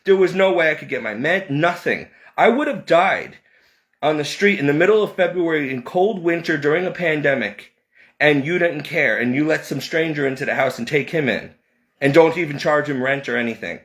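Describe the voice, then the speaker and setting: A man telling a personal story in a rambling way, with restarts and repeated words, his pitch climbing when he relives his anger. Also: a little fast, fairly bright tone. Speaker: video creator.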